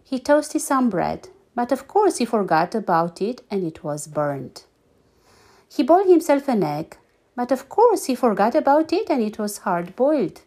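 A woman reading a children's story aloud, lively and animated, giggling now and then. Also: on the high side, unhurried.

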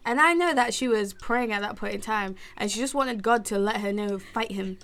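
A woman's voice: medium pitch, normal speed. A woman, giving her opinions in a wry, casual podcast chat. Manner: opinionated, wry, drops quiet for asides.

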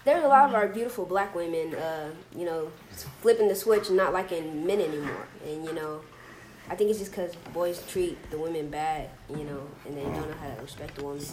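A woman's voice: low voice, fairly quick, a little mellow, a little hiss or hum, poor audio. Thoughtful teenage girl. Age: teens. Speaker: panel guest.

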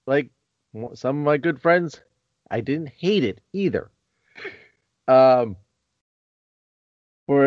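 A man's voice: mid-range voice, a little mellow, no room sound, muffled recording. A man hosting a podcast, talking casually and rambling with restarts. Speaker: podcast host.

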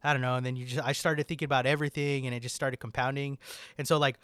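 A man's voice: medium pitch, flat delivery, fast talker, fairly bright tone, smooth, dry recording. A man in casual chat with a friend, rambling, swearing often and filling his talk with "like". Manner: rambling, swears a lot, fills with "like".

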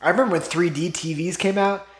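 A man's voice: high-pitched, fast talker, a crowd in the background. A man co-hosting a casual podcast, telling stories with lots of swearing and acting out what other people said. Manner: animated storyteller, swears, acts out other people. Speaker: podcast co-host. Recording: echoey room.

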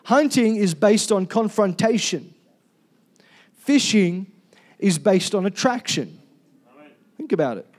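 A man's voice: high voice, sing-song, slow, long pauses, a little mellow. A man preaching a sermon in a casual, jokey way and calling out for amens. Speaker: pastor.

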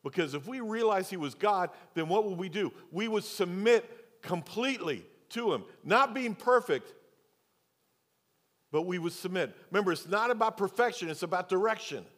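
A male pastor preaching a sermon, moving between loud, emphatic stretches and quiet, low asides. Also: lively intonation, normal speed. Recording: long church reverb.

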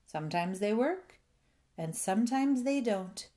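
A woman voicing a gentle, kindly male bullfrog in a storybook reading, raising her voice high for him. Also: a little slow, lightly acted. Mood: cheerful. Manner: earnest, high and excited when calling out.

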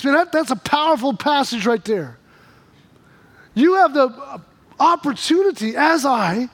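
A man's voice: very high-pitched, animated, unhurried. A male pastor preaching a sermon, telling stories with emphatic repetitions.

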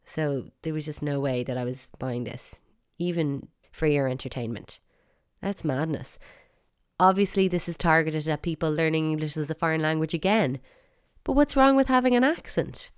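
A woman's voice: low-pitched, steady tone, normal speed, clean tone. A woman with an Irish accent hosting a solo podcast, chatty and wry, with bursts of mock outrage. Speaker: podcast host.

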